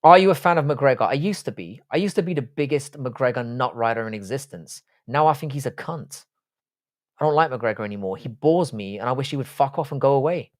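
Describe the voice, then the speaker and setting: Animated and fairly quick, a mid-range male voice from Cork, Ireland hosts a livestream. He takes viewer questions and answers them bluntly, cursing plenty and shifting back and forth between jokes and asides.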